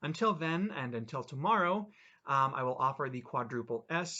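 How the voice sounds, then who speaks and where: A man reads his own short stories in a casual, relaxed way. He drops in offhand asides between the pieces. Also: medium pitch, normal speed. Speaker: channel host reading his own writing.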